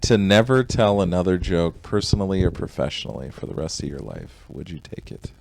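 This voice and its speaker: Gravelly low-voiced man hosting a podcast. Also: big pitch swings, fairly quick, a little hiss or hum. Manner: laughs loudly and often, asks quiz questions. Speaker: podcast host. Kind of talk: casual comedy podcast chat.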